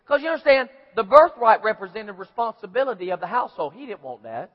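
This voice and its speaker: A pastor with a high voice talks fast and swings widely in pitch as he preaches a folksy, story-driven sermon. He acts out little scenes and voices, and the recording sounds dull and lo-fi in an echoey hall.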